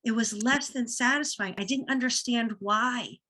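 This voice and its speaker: A woman's voice: a little high, moderate pace, bright, forceful tone. A woman talking as a podcast guest, sharing a personal story in an earnest, emphatic way and repeating words as she builds her point. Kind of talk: personal story in casual conversation.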